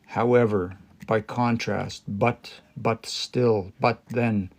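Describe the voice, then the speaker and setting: A man on a casual live stream studying a language as a learner. He thinks aloud, pauses, restarts and reads phrases slowly. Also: fairly low pitch, steady tone, a little mellow.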